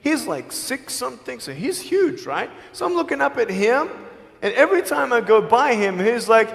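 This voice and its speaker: A man giving a motivational speech to students, telling stories with humor and swinging between loud and soft. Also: extremely high pitch, very animated, moderate pace, vocal fry. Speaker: motivational speaker. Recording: long hall reverb.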